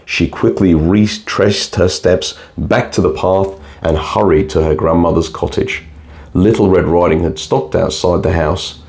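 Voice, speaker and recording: A man with a very deep voice reads a bedtime fairy tale aloud. His delivery is calm and steady, paced like a storyteller settling children down. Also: normal speed. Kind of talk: scripted bedtime story narration.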